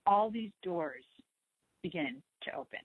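A woman hosting a spiritual talk show, speaking slowly and gently, repeating herself to reassure listeners. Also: lowish voice, lively intonation, husky, no room sound, narrow, tinny audio. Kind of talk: slow soothing talk on meditation and letting go.

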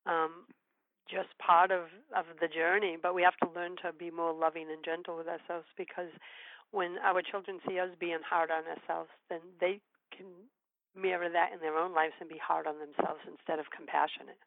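An older woman hosts a radio talk show, chatting gently and telling stories in an encouraging way. Her voice comes through a thin, phone-like line with no room sound around it. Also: lowish voice, flat delivery, moderate pace, no echo. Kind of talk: casual interview chat.

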